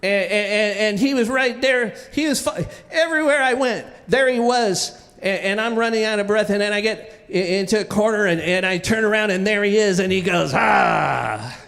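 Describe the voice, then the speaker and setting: High-voiced man telling a story on stage. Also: moderate pace, hardly any pauses, long reverb tail. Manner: animated, repeats words when restarting. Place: stage at a live venue.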